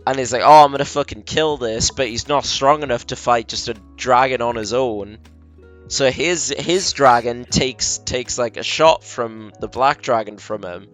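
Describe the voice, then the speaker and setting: A man in casual drunken chat with friends, rambling through a game's story and acting out the characters in quick quoted bits. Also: mid-range voice, fairly bright tone, faint music behind. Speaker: friend explaining a game plot.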